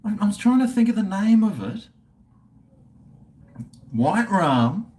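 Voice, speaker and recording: A man's voice: high voice, big pitch swings, takes it slowly, a little mellow. A middle-aged man with an Australian accent, chatting casually and profanely with livestream viewers while drinking. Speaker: livestream host.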